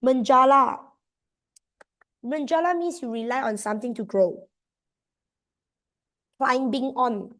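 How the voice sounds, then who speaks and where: A woman's voice: high-pitched, slow pace, long pauses, fairly bright tone. A young woman with a Malaysian accent tutoring students online, switching between English and Malay as she coaxes them through exam answers. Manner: mixes English with Malay terms, coaxing students. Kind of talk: online exam revision class.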